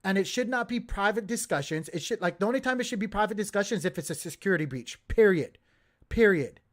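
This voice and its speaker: A man's voice: high-pitched, lively intonation, fast, a bit bright. A man hosting a crypto livestream, talking in a heated, emphatic way and repeating himself as he gets worked up.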